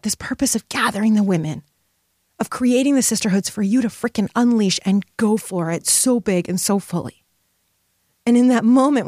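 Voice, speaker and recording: A woman's voice: mid-range voice, a little mellow, no echo, clean studio sound. A middle-aged woman hosting a motivational podcast, speaking in an impassioned, emphatic, spiritual way. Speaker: podcast host.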